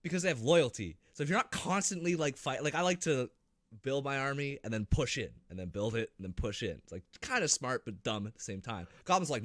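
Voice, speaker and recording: A man co-hosting a gaming podcast, chatting casually, swearing a lot and acting out his reactions in a loud, high voice. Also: fast talker, dry recording, studio quality. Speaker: podcast co-host. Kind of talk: casual chat.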